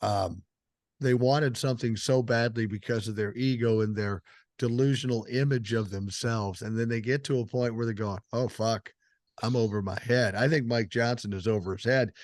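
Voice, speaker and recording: A man's voice: medium pitch, a little mellow, no room sound, studio quality. Blunt, swearing older man. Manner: blunt and profane, emphatic. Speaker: podcast host. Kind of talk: casual political chat.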